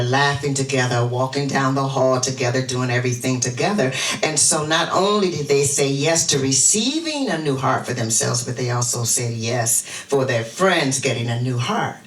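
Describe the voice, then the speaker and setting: A woman minister giving an interactive sermon, leading the congregation in chants. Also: rumbling low. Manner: animated, leads the congregation in call-and-response chants. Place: church sanctuary. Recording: roomy church sound from a distant mic, music behind. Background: music.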